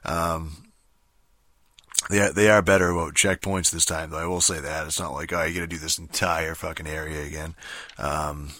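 A man giving a casual, rambling spoken review of a video game, swearing often and filling pauses with um and you know. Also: very deep voice, level tone, pushed and bright, dry recording, clean studio sound. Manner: rambling, profane, many fillers and restarts.

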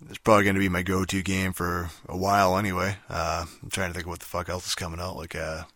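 Rambling, swearing low-voiced man. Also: flat delivery, fast, fairly bright tone, dry recording, studio quality. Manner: constant swearing, rambling, many fillers. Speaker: podcast host. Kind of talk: casual profane game review monologue.

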